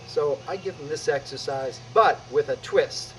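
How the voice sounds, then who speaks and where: A middle-aged man teaching qi gong exercises on video, energetic and emphatic, calling out strikes with a loud "boom". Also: normal speed, slight background noise, low-quality recording. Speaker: qi gong instructor.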